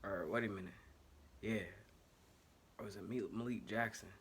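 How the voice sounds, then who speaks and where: Slangy Ohio man, bright lowish voice. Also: fairly even intonation, normal speed, slight background noise. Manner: loose, slangy, self-correcting and apologetic about technical trouble. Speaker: sports podcast host. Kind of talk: casual one-take fan commentary. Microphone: home setup, single take.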